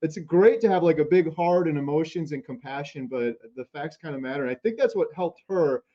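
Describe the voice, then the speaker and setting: A man hosting an interview, giving relaxed prompts and comments in a conversational way. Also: on the high side, a little fast, dull audio. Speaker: interview host.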